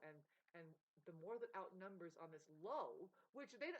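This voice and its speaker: A woman ranting to her viewers, rambling and swearing as she swings between loud outbursts and low mutters. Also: animated, brisk, few pauses. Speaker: vlogger. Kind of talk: emotional unscripted rant to camera. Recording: dull lo-fi recording.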